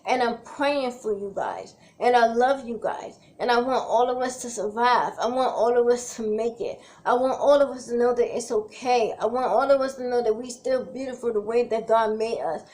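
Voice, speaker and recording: A woman speaks in an earnest, emotional vlog, her voice sitting somewhat high. She repeats herself as she encourages her viewers through hardship, close to tears at moments. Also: normal speed, hardly any pauses, darkish tone. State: tearful at times. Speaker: cancer survivor vlogger. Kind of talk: heartfelt direct-to-camera vlog.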